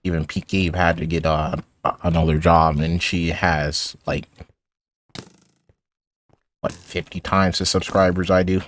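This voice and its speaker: A man's voice: deep voice, level tone, a little slow, pauses often, a bit bright. A teenage boy talking casually over his gameplay, rambling and stumbling through stories with sarcastic asides. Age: teens. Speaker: gaming YouTuber.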